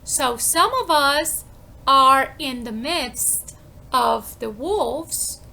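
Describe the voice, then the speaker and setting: Woman preaching an informal sermon in a high, gravelly voice. She talks in an emphatic, conversational way, posing questions and answering them herself, and repeats her phrases for weight. Her delivery is slow and deliberate, with a bright edge.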